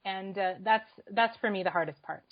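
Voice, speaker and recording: Woman podcast guest, mid-pitched, quick and eager delivery, slightly dull lo-fi sound. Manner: quick, eager, talks in bursts with fillers. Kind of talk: casual interview chat. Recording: slightly muffled podcast recording.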